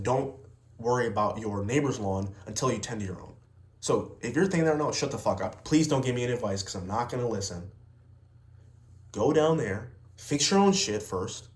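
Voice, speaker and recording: With a medium-pitched, slightly mellow voice, this young salesman and vlogger delivers an unscripted personal rant to camera in a roomy space. He's blunt and emphatic, swearing heavily and hitting his words hard.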